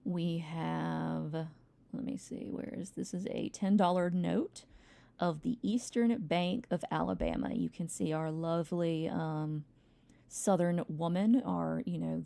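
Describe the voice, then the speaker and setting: A woman's voice: sits low, gravelly, dark tone. A woman teacher giving a recorded history lecture, rambling with wry asides and frequent ums. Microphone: home recording, textbook open nearby.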